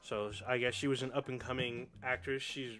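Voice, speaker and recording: A man's voice: medium pitch, little pitch movement, a little fast, fairly bright tone, faint music behind. Rambling, cursing podcast co-host man. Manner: loose, rambling, frequent fillers and swearing. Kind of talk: casual chat.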